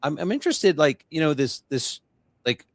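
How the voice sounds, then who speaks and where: A man's voice: a little high, animated, normal speed, no room sound. A man hosting a podcast in casual interview chat; he is eager, rambles and often restarts his sentences. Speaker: podcast host.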